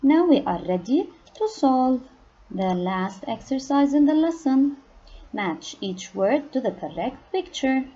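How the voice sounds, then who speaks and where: A woman teaching a phonics lesson to young children, speaking patiently and stressing each target word loudly. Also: high-pitched, very animated, a little slow, breathy edge, dull audio. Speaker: kindergarten English teacher.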